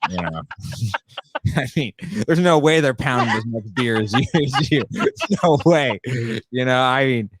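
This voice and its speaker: A man's voice: medium pitch, expressive, a little slow, a crowd in the background, rough recording. A man chatting as a podcast guest, trading dry sarcastic jokes. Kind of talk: casual chat.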